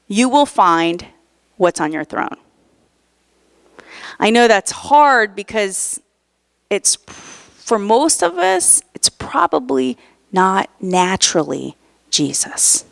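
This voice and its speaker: A woman pastor in her forties preaching a sermon, telling a personal story with lively, animated emphasis. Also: medium pitch, smooth, dry recording, clean studio sound. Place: church.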